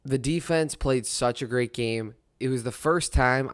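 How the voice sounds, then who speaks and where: A young man talks sports in a loose, rambling monologue, rueful and quick to laugh at his own bad luck. His voice is smooth and clear, mid-pitched, and sits in a dry space with no room echo. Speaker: podcast host. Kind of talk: casual sports talk monologue.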